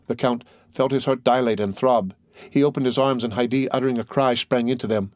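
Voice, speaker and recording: A man narrating a classic novel as an audiobook in a measured, steady reading. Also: medium pitch, dry recording.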